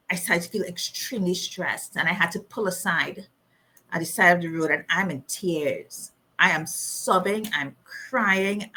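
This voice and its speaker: A middle-aged woman telling a personal story as an interview guest, animated, laughing often and acting out the voices of people she quotes. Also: fairly low pitch.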